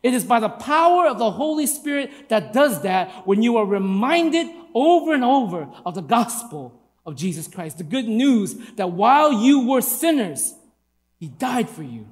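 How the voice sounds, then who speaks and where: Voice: mid-range voice, big pitch swings, moderate pace. A preacher delivering an emphatic sermon, asking the congregation rhetorical questions. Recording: long hall reverb.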